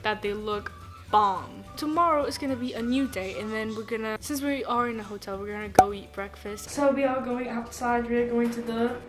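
A young woman from Texas chats through a handheld vlog tour in a put-on British accent. Her voice sits on the higher side, giggly and loose with fillers. Music plays clearly behind her. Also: normal speed. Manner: chatty, giggly, filler-heavy. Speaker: vlogger. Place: hotel room.

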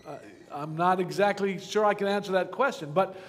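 A man's voice: high voice, brisk, big-room sound. A man preaching a sermon as pastor, earnest and pleading, often asking the congregation questions. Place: church sanctuary.

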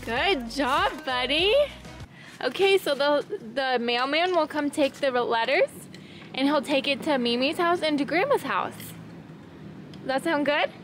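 Music plays behind this family vlogger from Southern California as she talks with her toddlers at home in an unhurried, high-pitched, sing-song coo. Her recording has an echoey room sound and noticeable background noise.

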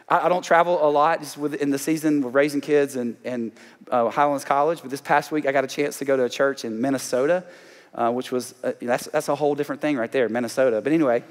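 Emphatic Southern preacher in a big hall. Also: male voice, medium pitch, steady tone, quick pace. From Alabama. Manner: emphatic preaching with call-outs to the congregation. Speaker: pastor. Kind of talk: sermon. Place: large church auditorium. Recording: long hall reverb.

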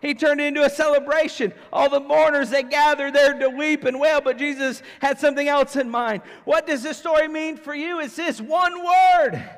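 A man's voice: very high voice, steady tone, fairly quick, hardly any pauses, long reverb tail. A man preaching a sermon as pastor, conversational and emphatic, often acting out how people would react. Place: church sanctuary.

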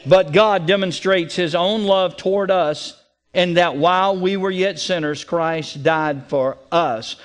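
A man's voice: sits high, a little slow. A man preaching a sermon as pastor, emphatic and repeating key words for stress, often restarting with stacked "and, and".

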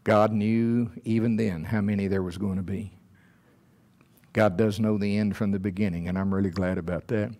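A man preaching a sermon in a church, acting out scared Bible figures in a high, strained voice. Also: fairly even intonation, moderate pace, dark tone. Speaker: pastor. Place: church sanctuary.

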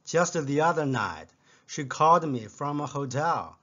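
Man, Chinese native speaker, deadpan joke telling, unhurried, muffled sound. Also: a little high. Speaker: joke teller.

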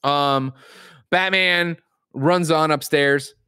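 A man's voice: fairly high pitch, steady tone, drawn-out words, bright, forceful tone, clean tone, dry recording, studio quality. A man co-hosting a podcast, casually recapping a film scene by scene, swearing freely and acting out the characters' lines as he goes. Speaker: podcast co-host. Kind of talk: casual movie recap chat. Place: home setup, remote show.

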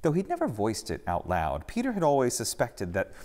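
A man narrating a story in an expressive, storytelling way during a church service. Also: medium pitch, fairly quick, big-room sound. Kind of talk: scripted narration.

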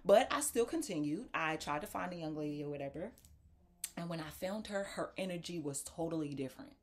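A woman's voice: low voice, a little fast. A woman telling a casual story to viewers, acting out the voices of the people in it. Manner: animated, acts out quoted voices; talks straight to viewers as "y'all". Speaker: talk show host.

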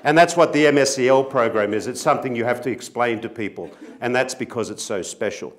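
A middle-aged Australian man giving an earnest, gently self-mocking speech to an audience as a company chief executive. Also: medium pitch, fast. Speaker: company CEO speaker.

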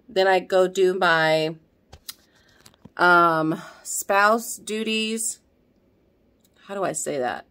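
A middle-aged woman with a low-pitched, fairly bright voice chats casually to camera at home as a vlogger. She's slightly out of breath, rambling along with lots of fillers and restarts.

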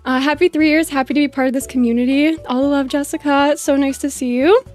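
Bubbly high-voiced woman streamer. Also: steady tone, fast talker, a little mellow, faint music behind. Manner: gushing, bubbly thank-yous to chat. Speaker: live streamer. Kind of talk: live stream chat.

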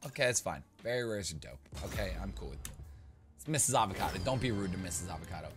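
A young man giving casual, rambling gaming commentary as a YouTuber, joking with viewers and breaking into loud playful outbursts. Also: mid-range voice, lively intonation, a little fast, soft background music.

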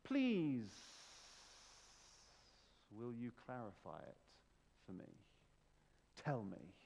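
A man voicing a posh, smooth-talking serpent devil who speaks with mock politeness. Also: mid-range voice, huge pitch swings, drawn-out words, darkish tone, long reverb tail, lo-fi sound, voice pushed down, exaggerated voice. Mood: wheedling.

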